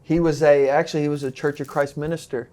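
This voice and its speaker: A man's voice: on the high side, level tone, fast talker, mellow, slight background noise. A man co-hosting a podcast, chatting loosely and joking as he rambles along on a couch indoors. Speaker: podcast co-host. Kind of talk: casual podcast chat.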